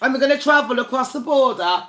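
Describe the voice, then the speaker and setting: A woman's voice: sits high, animated, fast, fairly bright tone. A woman hosting a casual livestream game with her viewers, blunt and foul-mouthed. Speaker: livestream host.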